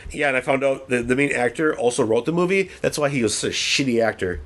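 A man co-hosting a casual movie podcast, swearing freely and retelling scenes in an animated way. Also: medium pitch, fast talker. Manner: profane, animated retelling with put-on voices. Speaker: podcast co-host. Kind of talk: casual movie review chat.

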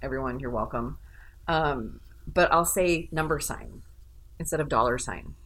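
A woman's voice: very deep voice, unhurried, fairly bright tone, a little hiss or hum. A woman in her forties, a stand-up comic, chatting casually and joking with frequent laughter. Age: 40s. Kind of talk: casual podcast chat.

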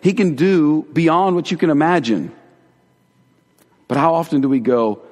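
A man giving a conversational, earnest sermon as a pastor, dropping to hushed tones for emphasis. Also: a little high, normal speed. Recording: long hall reverb.

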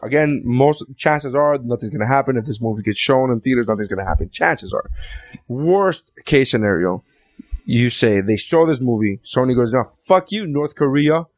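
A man in his thirties co-hosting a podcast, ranting in animated, profane casual chat. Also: medium pitch, moderate pace, no echo. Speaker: podcast co-host.

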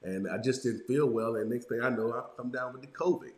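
A middle-aged male pastor delivering a sermon, congested and a little nasal from illness, slightly raspy, dropping "amen" after nearly every line. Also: medium pitch, brisk, reverberant. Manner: punctuates lines with "amen".

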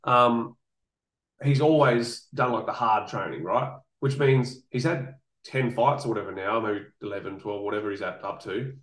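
A man's voice: fairly low pitch, moderate pace. A man hosting a casual podcast chat, a fight coach talking bluntly and with energy. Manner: blunt, animated, swears, repeats himself. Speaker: podcast host, combat sports coach. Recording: roomy echo.

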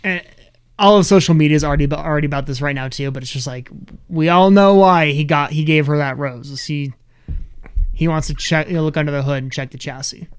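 A man co-hosting a podcast in casual chat, joking and animated, often laughing. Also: on the high side, fast talker, smooth. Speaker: podcast co-host.

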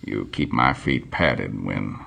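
A male voice actor doing an impression of a famous older male narrator, speaking slowly and grandly. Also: extremely low pitch, creaky, bright, forceful tone, a little hiss or hum, pitched below the performer's own voice, full character voice. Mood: musing. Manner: slow, stately, musing delivery. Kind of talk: comedy voice impressions.

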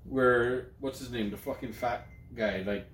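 A young man co-hosting a podcast, telling loose, profane stories with plenty of jokes. His voice sits at an ordinary pitch. The room gives it a roomy echo. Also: measured pace, fairly bright tone, slight background noise. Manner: loose, profane, joking storyteller. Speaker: podcast co-host. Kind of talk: casual chat. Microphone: studio microphone.

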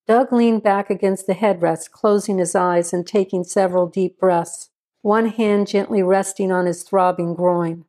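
A woman reading a crime story aloud in steady, even scripted narration. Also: mid-range voice, a little slow.

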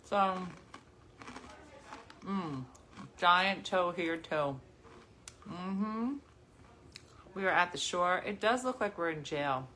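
A woman in her forties hosting a casual chat with viewers from her living room, chatty and animated, jumping from topic to topic. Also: lowish voice, takes it slowly, long pauses, slight background noise. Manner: chatty, animated, jumps between topics and laughs often. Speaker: livestream host.

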